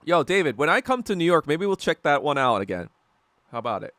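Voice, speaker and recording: A man's voice: fairly high pitch, sing-song, fast, a bit bright, no room sound. A young man hosting a casual podcast, telling rambling stories with frequent laughs and swearing. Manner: rambling storyteller, laughs often, swears a lot. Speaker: podcast host. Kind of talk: casual livestream chat while eating.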